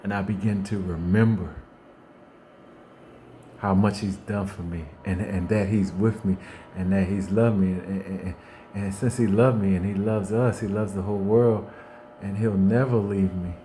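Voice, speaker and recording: A man giving an unscripted faith monologue in a folksy, conversational way. He repeats himself and restarts often, moving between hushed reflection and fired-up bursts. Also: low voice, fairly even intonation, moderate pace, a little hiss or hum. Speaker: motivational faith speaker.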